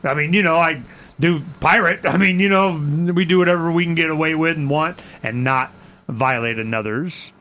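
A man's voice: fairly high pitch, normal speed, bright, forceful tone. A man hosting a radio talk show, rambling and acting out both sides of conversations, stammering on repeated words.

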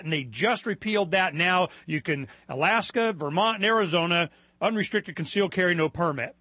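Excitable rambling male radio host. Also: sits high, no echo. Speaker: radio talk show host. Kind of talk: casual political talk radio.

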